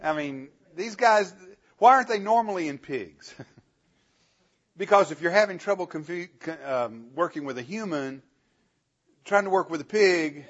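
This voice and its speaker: A man teaching a Bible class, animated, asking the class questions and chuckling often, on a dull lo-fi recording. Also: on the high side, normal speed, long pauses.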